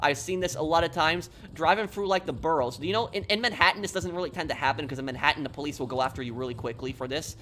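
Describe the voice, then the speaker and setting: A man's voice: on the high side, fast, hardly any pauses, pushed and bright, a little hiss or hum. A man from New York telling a long story on a stream, rambling and restarting his sentences. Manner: rambling, repeats himself, restarts often.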